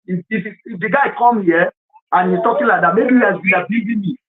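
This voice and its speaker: A man's voice: high-pitched, brisk. Impassioned Nigerian man on a phone line. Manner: earnest and impassioned, mixes in Pidgin. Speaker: livestream host. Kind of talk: emotional live-stream talk. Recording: tinny phone-line sound.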